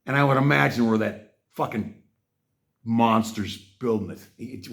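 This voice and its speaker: A man hosting a podcast, reading aloud and reacting in a ranting commentary, swinging from muttering to angry shouting with heavy swearing. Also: mid-range voice, unhurried, pauses often. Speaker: podcast host.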